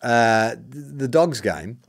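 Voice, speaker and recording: A man co-hosting a casual sports chat, jokey and animated, laughing often. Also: medium pitch, very slow, gravelly. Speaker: podcast co-host.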